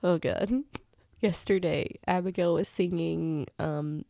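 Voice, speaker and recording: A woman's voice: deep voice, fairly even intonation, takes it slowly, vocal fry, mellow, dry recording, studio quality. A woman in her thirties co-hosting a podcast from home, chatting casually, telling stories and laughing often. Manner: chatty, giggly, storytelling. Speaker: podcast co-host. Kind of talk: casual chat.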